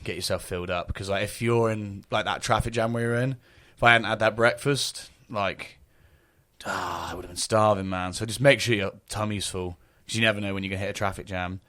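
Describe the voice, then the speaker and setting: Laid-back man, low dry voice. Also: pushed and bright, dry recording. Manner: laid-back, self-mocking, lots of fillers. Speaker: podcast guest, bassist. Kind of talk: casual podcast chat.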